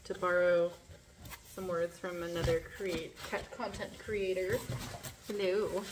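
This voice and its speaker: A woman's voice: fairly low pitch, fairly even intonation, measured pace, a little hiss or hum. A woman chatting casually while unboxing, gushing with breathless exclamations and laughter. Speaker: vlogger. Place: living in a garage.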